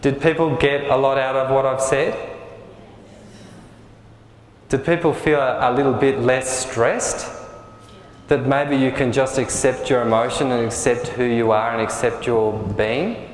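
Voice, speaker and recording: A man giving a spiritual workshop talk to a small group, speaking gently and often checking whether his listeners follow. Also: mid-range voice, fairly even intonation, normal speed, echoey room, in a large hall, poor audio. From Australia. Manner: gentle, often asks the audience if it makes sense. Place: room with a live group.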